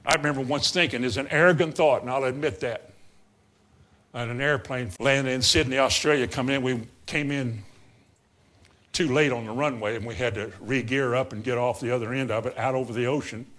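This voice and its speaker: A man preaching a sermon, swinging from loud outbursts to low murmurs and acting out Bible scenes. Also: steady tone, a little fast. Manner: acts out Bible scenes in character voices.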